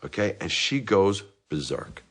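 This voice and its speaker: An actor playing a middle-aged divorced dad in therapy, rambling and self-justifying in a comic monologue, with bursts of anger. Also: male voice, low-pitched, very animated, measured pace, gravelly, fairly bright tone, slightly rough, exaggerated voice. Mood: self-pitying. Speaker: therapy patient.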